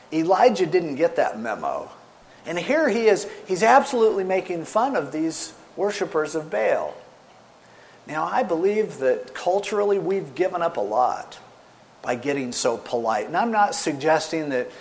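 A middle-aged man preaches to his congregation with a voice that sits a little high and swoops widely. He tells the scripture story with sarcasm and acts out its quotes. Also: expressive, normal speed, slight background noise. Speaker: pastor. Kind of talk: sermon.

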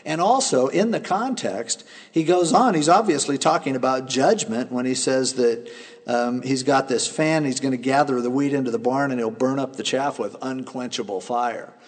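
Male pastor, sermon, chatty plain-spoken explaining, mid-pitched voice, long hall reverb. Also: moderate pace. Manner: conversational, explains scripture in plain everyday terms. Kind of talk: expository sermon.

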